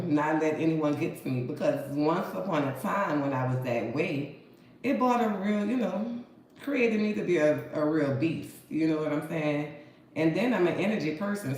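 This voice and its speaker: A woman with a New Orleans accent chatting casually to her viewers, folksy and talkative, calling them honey and baby. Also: deep voice. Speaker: vlogger. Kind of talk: casual chat to camera. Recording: echoey room with faint ambience.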